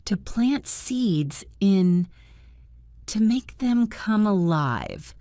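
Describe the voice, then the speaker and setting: Woman voicing a young girl, timid, eager, higher voice, dry close sound. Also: animated, drawn-out words, warm tone, no echo. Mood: anxious.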